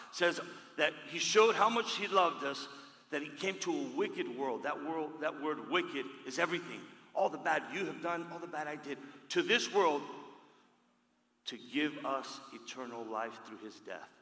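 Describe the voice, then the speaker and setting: A man preaching a sermon, emphatic, swinging from loud declarations to hushed words, recorded in a church hall. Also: a little high, animated, moderate pace. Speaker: pastor. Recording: echoey hall with long reverb.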